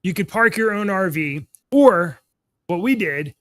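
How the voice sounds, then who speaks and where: A man in his thirties co-hosting a podcast, chatting casually and telling animated, rambling stories with laughs. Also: high voice, a little slow, no echo. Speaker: podcast co-host. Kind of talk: casual chat.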